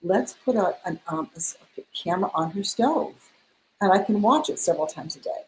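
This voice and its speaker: A woman's voice: medium pitch, fairly quick, a little hiss or hum, rough recording. A middle-aged woman, a spiritual mentor, telling a personal story in an interview, acting out the dialogue she quotes. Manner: animated, acts out quoted dialogue.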